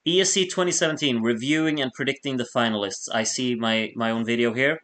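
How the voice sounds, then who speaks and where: A man's voice: medium pitch, fast talker, fairly bright tone. A man hosting a late-night live stream, chatting casually, reading viewer messages aloud and laughing often as he rambles.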